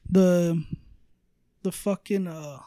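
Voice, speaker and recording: A man's voice: high-pitched, steady tone, extremely slow, dark tone, no room sound, clean studio sound. A man telling a travel story in casual podcast chat, rambling with lots of fillers and swearing. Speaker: storyteller guest.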